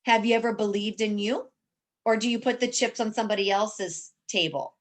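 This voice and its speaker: A woman's voice: medium pitch, normal speed. A woman coaching her team on a video call, upbeat and emphatic, repeating phrases for effect. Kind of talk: motivational team call pep talk.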